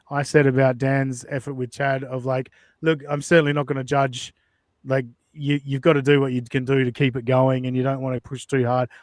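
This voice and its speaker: A man's voice: medium pitch, dry recording. A man hosting a casual commentary podcast, blunt and profane as he talks. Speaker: podcast host.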